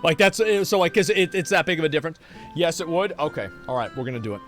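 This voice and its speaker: A man's voice: a little high, quick pace, a bit bright, faint music behind. A man streaming live, chatting casually and reading chat messages in a sarcastic, profane, rambling way.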